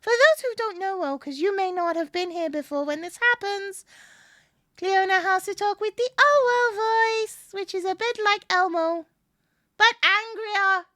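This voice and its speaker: A squeaky cranky owl. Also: female voice, unhurried, bright, forceful tone, no room sound, clean studio sound, exaggerated voice. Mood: grumpy. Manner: grumbling, chatty commentary to chat. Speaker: streamer.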